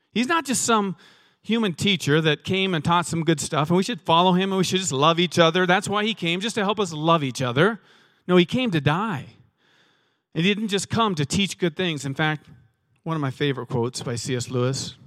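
Male pastor, casual sermon, rhetorical questions, somewhat high voice. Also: fairly bright tone, no room sound. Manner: conversational preaching with rhetorical questions and repeated words.

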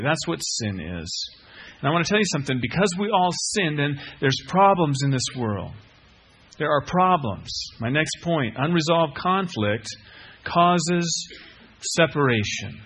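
A man's voice: a little high, expressive, a little slow, a bit bright, husky. A middle-aged man preaching a sermon, earnest, repeating key phrases and putting questions to the listeners. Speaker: pastor.

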